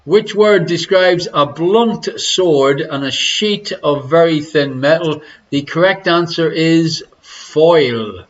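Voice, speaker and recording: A man's voice: fairly high pitch, takes it slowly, hardly any pauses, muffled recording. An Irish man hosting a live quiz from his living room, reading questions and cracking teasing, crude jokes. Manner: jokey, teasing, crude asides. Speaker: quiz show host. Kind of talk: live-streamed pub quiz banter.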